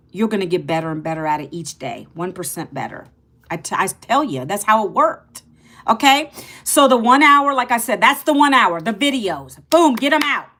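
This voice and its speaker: A woman in her fifties talking casually to camera as an online business coach, chatty, repeating herself and calling viewers "guys". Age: 50s. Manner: lively, pitch jumps up and drops low.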